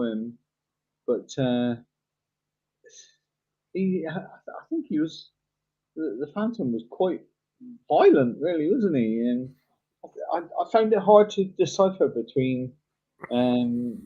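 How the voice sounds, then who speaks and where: A man, co-hosting a podcast in casual chat, hesitant, often repeating words and pausing on "um". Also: medium pitch, dark tone, husky. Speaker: podcast co-host. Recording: dull lo-fi sound.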